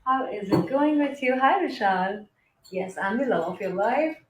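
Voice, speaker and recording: A fairly high-voiced woman, chatting warmly with viewers on a live stream. She greets people by name, blows kisses and slides between English and Hindi. Her pep talks to viewers are soft and encouraging. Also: animated, measured pace, background noise.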